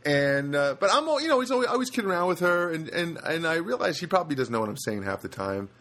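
A man's voice: fairly high pitch, very animated, fast talker, fairly bright tone. An older man telling stories in a casual, rambling monologue, with lots of restarts and asides.

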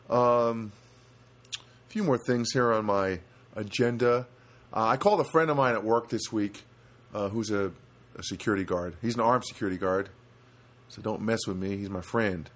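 A man's voice: lowish voice, normal speed. An older man telling stories in a casual, rambling monologue, with lots of restarts and asides.

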